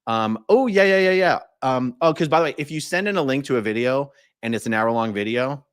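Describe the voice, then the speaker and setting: A man's voice: mid-range voice, fairly quick, smooth, dry recording, clean studio sound. An American man hosting a casual livestream, reading viewer comments aloud in an easygoing way. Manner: conversational, reads viewer comments aloud, many fillers. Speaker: livestream host filling in.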